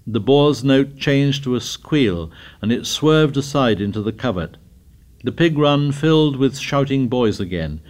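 A man reads a novel aloud at an ordinary, middle pitch. He keeps the narration steady, then jumps his voice up high and strong for the boys' excited shouting. The reading is scripted and carefully paced. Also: unhurried. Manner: lifts his voice for the boys' dialogue, drops low for narration. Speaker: audiobook narrator.

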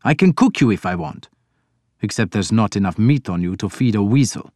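A bold, loud Viking warlord, blunt and teasing, with a low voice, as a man reads him in an audiobook. He issues threats plainly and without hurry. The recording is close and dry. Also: animated, a little fast, no room sound, lightly acted. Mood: gruff teasing.

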